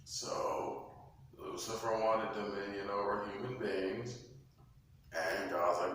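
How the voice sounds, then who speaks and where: A man giving a religious monologue in a slow, emphatic, preachy manner. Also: on the low side, fairly bright tone, a little hiss or hum. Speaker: religious speaker. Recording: echoey room, mic far off.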